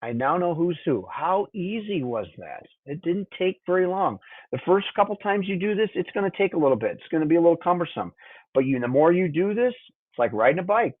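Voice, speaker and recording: Very animated and fairly quick, this man's high-sitting voice comes through with no room sound, on dry, phone-like, tinny audio. As a diesel technician instructor, he gives a technical webinar walkthrough of engine diagnostics, often pausing to ask listeners "okay?" or "would you agree?"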